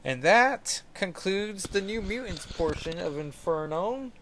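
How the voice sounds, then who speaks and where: A man's voice: sits high, expressive, slow, fairly bright tone, a little hiss or hum. A man hosting a casual comic book read-along, with joking asides. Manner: chatty, joking asides with laughs. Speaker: comic book reader and podcast host.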